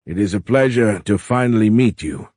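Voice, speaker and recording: A male narrator voicing a courteous alien admiral who speaks in a stiff, formal, measured way. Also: lowish voice, darkish tone, no room sound, studio quality, close to an everyday voice. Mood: courtly, measured.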